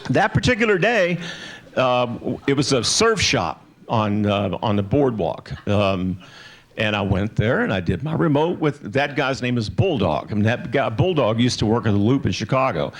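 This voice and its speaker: A man's voice: medium pitch, expressive, moderate pace. A man in his sixties giving a candid, joking keynote speech at a conference. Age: 60s. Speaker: keynote speaker.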